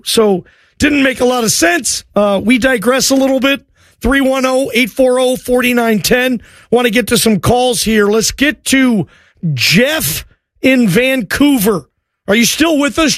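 High-pitched guy hosting sports radio, loose and jokey, dry studio sound. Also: fairly bright tone, dry recording. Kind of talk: casual sports talk radio.

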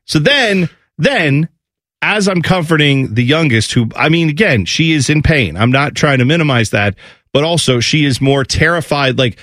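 A man's voice: a little high, animated, normal speed, a bit bright, no echo, clean studio sound. A man hosting a morning radio show, telling a funny family story with lots of laughter and acted-out voices.

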